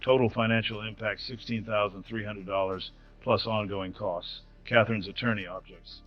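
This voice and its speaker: A man giving a scripted, dramatic story narration in an even voice. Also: fairly low pitch, normal speed. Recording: slightly dull audio with faint music.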